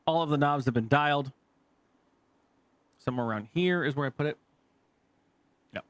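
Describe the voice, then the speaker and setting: A man doing casual gameplay commentary as a streamer, animated, swearing often and thinking aloud. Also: mid-range voice, no echo.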